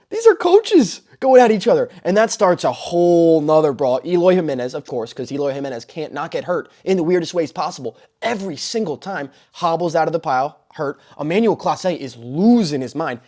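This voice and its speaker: Excitable young man recapping baseball. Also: a little high, a little fast, hardly any pauses. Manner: excitable, breaks into loud exclamations. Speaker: host. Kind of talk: excited sports recap commentary.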